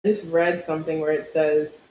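A woman's voice: sits low, little pitch movement, normal speed, darkish tone. A woman co-hosting a casual live-stream podcast chat, blunt, swearing and laughing. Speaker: podcast co-host. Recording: roomy echo, faint background hum.

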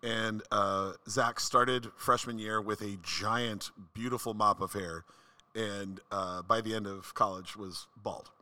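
A man telling a story in casual podcast chat, with quick jokes. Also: on the low side, fairly even intonation, bright, forceful tone.

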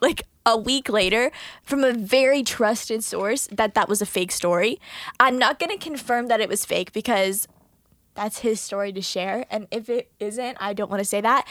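A woman's voice: on the high side, a bit bright, no echo. A young woman co-hosting a podcast, telling stories in casual chat and laughing through them. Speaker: podcast co-host.

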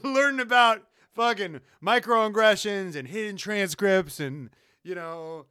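A young American man co-hosting a casual, profane podcast chat, excitable and fond of mock impressions. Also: sits high, a little slow, clean tone, no room sound, clean studio sound. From United States. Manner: excitable, swears a lot, mock-posh impressions. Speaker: podcast co-host.

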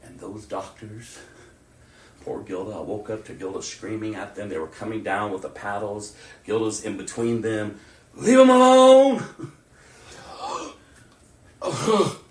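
A man preaching a sermon as pastor, animated, swinging between loud outbursts and near-whispers. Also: on the low side, normal speed, a little hiss or hum. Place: church. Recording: roomy and distant mic with faint ambience.

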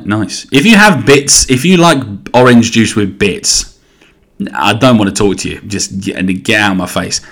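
Man, solo podcast host, casual rambling chat, lots of swearing, fairly low voice. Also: a bit bright. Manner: rambling, sweary, self-interrupting.

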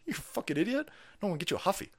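A man impersonating a gruff, blunt older father scolding his son. The voice drops low and comes out flat and unimpressed. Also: rapid-fire, no room sound, full character voice.

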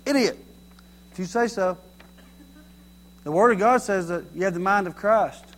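Animated high-voiced man preaching. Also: moderate pace. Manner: animated, folksy, mocking everyday sayings. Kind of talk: sermon.

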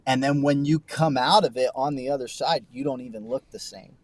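Male pastor guest, medium pitch, sincere podcast storyteller, dry room. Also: brisk, no echo. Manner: earnest storytelling with many restarts. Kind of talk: conversational testimony on a podcast.

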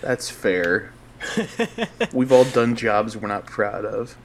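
A man's voice: on the low side, slow pace, creaky, slight background noise. A man co-hosting a podcast over a video call, joking in a dry way. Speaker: podcast co-host.

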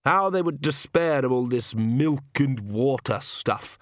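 A man's voice: mid-range voice, animated, takes it slowly, dry recording, clean studio sound. A man voicing a suave, menacing aristocratic male vampire count with a mocking drawl in an audiobook. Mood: smooth menace.

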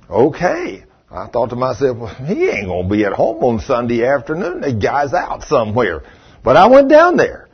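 A man's voice: medium pitch, huge pitch swings, normal speed, slightly rough. An older man preaching a sermon, telling a folksy story and acting out what people said. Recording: dull lo-fi sermon recording.

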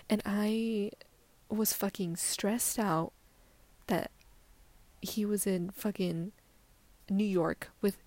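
A woman's voice: medium pitch, creaky, a little mellow, dry recording. A young woman hosting her own solo podcast, rambling casually with lots of fillers and swearing, often dropping to a near-whisper. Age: young adult. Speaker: podcast host.

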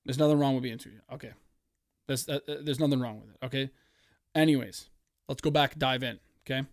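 A man hosting a podcast, giving a casual, profane, excitable race recap with sudden loud outbursts. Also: medium pitch, brisk, no echo, studio quality. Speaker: podcast host.

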